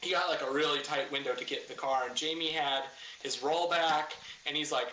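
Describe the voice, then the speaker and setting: A man's voice: on the high side, fairly quick. A man telling a story as a guest in a casual podcast interview. He acts out what others said, swears freely and laughs at his own story. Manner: animated, acts out quotes loudly, swears, laughs. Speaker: guest, car builder and former racer. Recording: echoey room with faint ambient noise.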